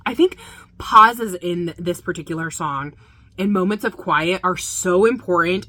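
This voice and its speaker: A woman's voice: on the low side, a bit bright. A woman hosting a music video reaction, talking casually and gushing with enthusiasm, full of fillers.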